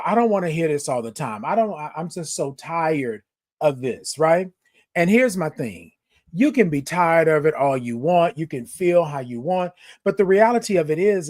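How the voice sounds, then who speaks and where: A man's voice: a little high, darkish tone. Affirming man talking to viewers. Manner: repetitive, affirming, emphatic; talks directly to viewers. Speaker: host. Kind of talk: motivational livestream talk.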